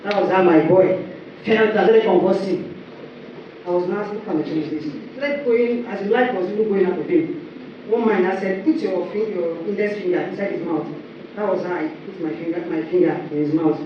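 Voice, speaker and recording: Speaking fairly quickly in Nigerian English, a young woman tells her church testimony like a story, performing quotes and climbing high in pitch when excitement builds. The church hall recording is distant, echoey and muffled amid background noise.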